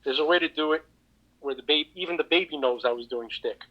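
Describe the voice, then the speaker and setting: This podcast co-host talks fast in a voice on the high side, and the sound is lo-fi. He's on an online call with a cheap microphone, chatting casually, joking around, rambling, and restarting with stammers.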